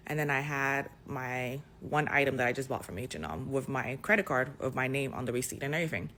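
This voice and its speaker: A young adult woman casually telling a personal story, animated and dotted with "like" fillers. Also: very deep voice, fairly quick, slight background noise. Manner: animated retelling, full of "like" fillers. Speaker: storyteller in a clip.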